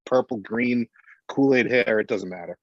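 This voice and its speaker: A man's voice: medium pitch, moderate pace, no room sound, highs cut off. A man talking bluntly and swearing freely in a casual podcast conversation.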